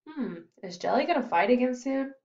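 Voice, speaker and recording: A woman's voice: high-pitched, expressive, brisk, darkish tone, roomy sound, highs cut off, pitched above the performer's own voice. A woman voicing an eager, curious teenage boy who is a boxer, asking many questions.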